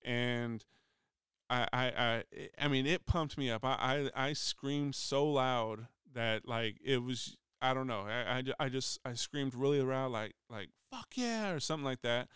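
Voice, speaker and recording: A man's voice: medium pitch, steady tone, measured pace, fairly bright tone, clear, resonant tone, no room sound, clean studio sound. A middle-aged man, a union steward, telling a story in a casual, rambling monologue with many restarts. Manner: rambling, frequent restarts, acts out quoted voices. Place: voice message recording.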